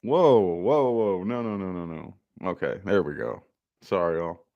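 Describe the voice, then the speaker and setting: Chatting loosely from his home office, a laid-back live-stream host rambles to viewers in an unscripted, friendly way. His animated, gravelly voice swings widely in pitch, moving a little slowly through a casual drawl full of "y'all" and "man," and the sound is lo-fi.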